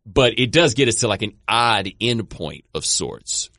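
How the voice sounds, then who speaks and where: A man hosting a podcast, leading a relaxed and thoughtful conversation about a book. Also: fairly low pitch, a little slow, no echo, studio quality. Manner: relaxed, thoughtful, loose phrasing with restarts. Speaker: podcast host. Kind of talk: conversational interview.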